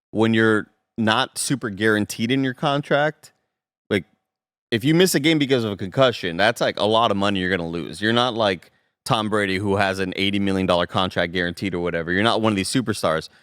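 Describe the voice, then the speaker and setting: Podcast co-host, man, low voice, relaxed explainer, dry close mic. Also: clean tone, no room sound. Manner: relaxed, joking, uses fillers. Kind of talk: casual chat. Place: podcast studio.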